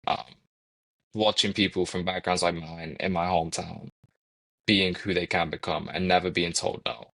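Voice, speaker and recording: A man's voice: deep voice, level tone, normal speed, creaky, a bit bright. Earnest young man with a Coventry accent. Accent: Coventry English. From England. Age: young adult. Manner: earnest, repeats words while thinking. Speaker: guest. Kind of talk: reflective interview conversation.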